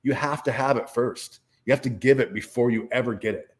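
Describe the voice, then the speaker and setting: A man's voice: mid-range voice, a little fast. Profane, emphatic man telling a story. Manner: profane, emphatic, with frequent restarts and repetitions. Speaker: guest speaker and author. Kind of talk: casual storytelling in a podcast interview.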